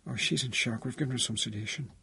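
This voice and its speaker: A man voicing a grieving older father and former doctor, speaking haltingly with many pauses. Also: mid-range voice, gravelly, bright, forceful tone, breathy edge, no echo, pitched above the performer's own voice, full character voice. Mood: shaken.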